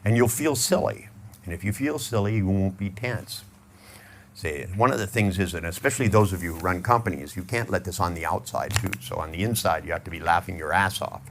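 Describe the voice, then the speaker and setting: A man's voice: low voice, brisk, fairly bright tone, a little hiss or hum. A middle-aged man giving a humorous motivational talk to a live audience, joking and acting out little scenes as he tells stories. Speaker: seminar speaker.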